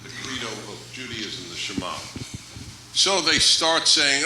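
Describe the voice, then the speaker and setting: A man giving a humorous lecture as guest speaker, telling jokes in an animated way. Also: medium pitch, normal speed. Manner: joking storyteller, animated. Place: large hall with audience. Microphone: microphone, later unamplified. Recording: echoey hall with background noise.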